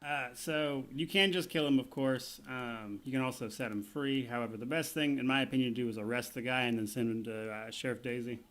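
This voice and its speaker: A man streaming a game, talking his viewers through it in a relaxed, unhurried manner. His pitch is plain and middling, and he fills pauses with ums and uhs. He speaks into a desk microphone. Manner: relaxed, explanatory, with many fillers. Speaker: gaming streamer. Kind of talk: casual let's-play commentary.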